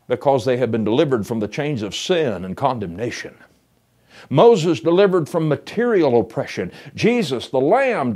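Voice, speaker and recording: A man preaching a sermon, building to emphatic lines and dropping to hushed ones, reading scripture aloud. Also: a little high. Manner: reads scripture in King James English.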